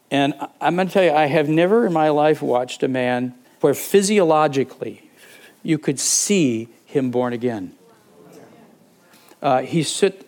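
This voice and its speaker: Older man telling a story from the pulpit. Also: a little high. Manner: conversational, with repeated words and fillers; animated, acting out the people in his stories. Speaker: preacher. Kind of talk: sermon storytelling.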